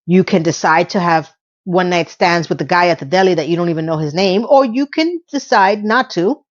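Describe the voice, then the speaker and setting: A woman host giving a casual episode recap, chatty and sassy, with playful asides and quick self-corrections. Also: on the low side, lo-fi sound. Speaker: video host.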